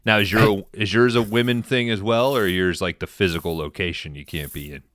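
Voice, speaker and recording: A man's voice: on the low side, a little fast, fairly bright tone, no echo, clean studio sound. A man co-hosting a podcast, laid-back with crude jokes and casual chat. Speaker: podcast co-host. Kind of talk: casual banter.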